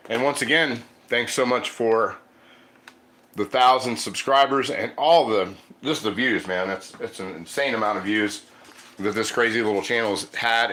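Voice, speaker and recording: A man's voice: on the low side, sharp tone, reverberant, low-quality recording. A man hosting a casual cooking livestream from his home kitchen, chatting loosely and reading viewer comments aloud. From Ohio. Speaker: cooking channel host.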